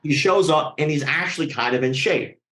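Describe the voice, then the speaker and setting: In a reverberant room, a man with a fairly high voice tells a story at a brisk pace. His telling is casual and animated, heavy with profanity, and he performs the voices of everyone he quotes.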